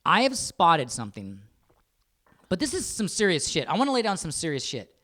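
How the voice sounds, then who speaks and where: A middle-aged man co-hosting a podcast in casual chat, animated and swearing freely, sometimes slipping into jokey put-on voices. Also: on the high side, normal speed. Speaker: podcast co-host.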